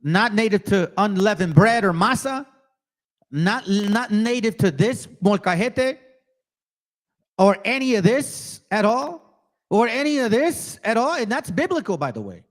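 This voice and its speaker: A man with a high-pitched, very animated voice hosts his own channel without hurrying. He delivers combative religious commentary, mocking and confronting viewers directly and reading passages aloud between remarks.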